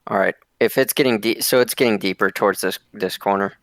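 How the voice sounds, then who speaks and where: A man's voice: fairly low pitch, quick pace, a bit bright, no room sound. A man playing an online tabletop game, carefully describing his character's actions in first person, with fillers. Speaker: player.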